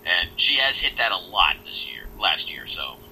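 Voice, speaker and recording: A man's voice: low voice, very animated, normal speed, sharp tone, slight background noise, rough recording. A man co-hosting a casual wrestling podcast, talking bluntly and swearing now and then. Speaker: podcast co-host. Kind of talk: casual chat.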